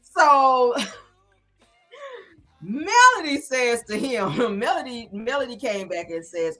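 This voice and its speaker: A woman's voice: a little high, sing-song, takes it slowly, pauses often, sharp tone, soft background music. A woman hosting a casual live-stream recap, talking straight to her viewers in a blunt, profane and sassy way. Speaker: reality show reviewer on a live stream.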